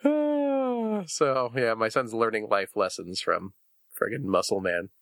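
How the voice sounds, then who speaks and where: A man in his thirties co-hosting a casual podcast chat, animated and jokey, laughing often. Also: fairly low pitch, normal speed, creaky, dry recording. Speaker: podcast co-host.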